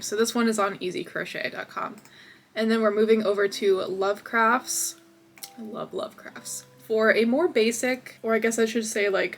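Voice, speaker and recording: A woman's voice: medium pitch, a bit bright. Chatty young woman vlogging from home. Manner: chatty and upbeat, lots of fillers. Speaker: crochet video host. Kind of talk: casual vlog chat. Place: home office.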